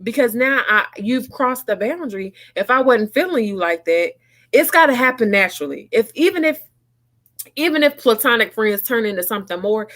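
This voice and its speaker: A woman co-hosting a casual talk show, her voice sitting a touch high. She speaks bluntly and with emphasis. She laughs easily between points. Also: expressive, moderate pace, a bit bright. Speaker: podcast co-host. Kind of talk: casual chat.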